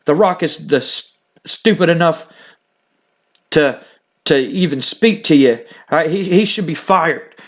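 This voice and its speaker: A man's voice: a little high, slow. A man voicing a domineering, stubborn wrestling boss scolding his daughter in a stern tone. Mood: angry.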